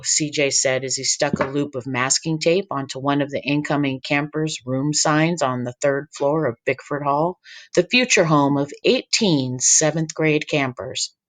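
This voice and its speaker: A man's voice: on the high side, a little slow. Man reading a chapter book to kids. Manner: lively voices for each character. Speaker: teacher reading aloud to children. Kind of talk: chapter-book read-aloud.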